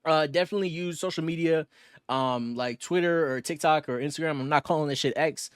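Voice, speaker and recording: A young man co-hosts a casual podcast, rambling quickly through slang, swearing and filler words. His voice sits a little high. The sound is dry and close. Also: clean tone, no room sound. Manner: fast, rambling, slangy and profane, with many fillers. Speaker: podcast co-host.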